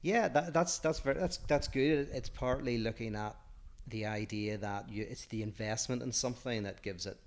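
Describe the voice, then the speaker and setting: A man co-hosting a podcast, talking in a thoughtful, reflective way that pauses and restarts as he works through ideas. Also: mid-range voice. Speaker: podcast co-host. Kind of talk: casual podcast chat.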